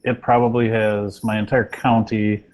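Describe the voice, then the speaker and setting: Male real estate agent on a panel; low, even delivery, thoughtful pacing with restarts. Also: rough recording. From small rural county. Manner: reflective, measured, many restarts. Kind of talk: panel discussion answer.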